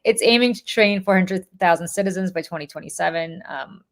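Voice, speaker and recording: Low-voiced woman with a Russian accent. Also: brisk, fairly bright tone. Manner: earnest, emphatic, filler-heavy. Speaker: podcast co-host. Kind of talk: casual political podcast chat.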